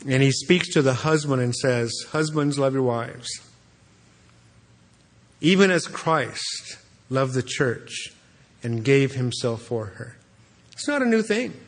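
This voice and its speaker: A man's voice: mid-range voice, expressive, slow pace, pauses often. A man preaching an expository sermon as a pastor, earnest and repeating words as he restarts. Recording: long hall reverb.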